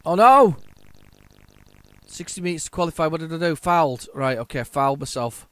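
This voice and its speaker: Man, gaming host, excitable commentary, self-mocking jokes, slightly high voice, very dry close sound. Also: fast talker, no room sound, faint music behind. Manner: excitable, chatty, talks to viewers while playing; self-mocking, jokey asides. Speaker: retro gaming channel host. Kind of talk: casual gameplay commentary.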